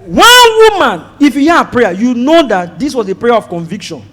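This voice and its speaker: A Nigerian man performing stand-up comedy, telling a story in an animated way and slipping into pidgin, with a Nigerian accent. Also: very high voice, normal speed. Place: live comedy show before an audience. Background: audience laughter.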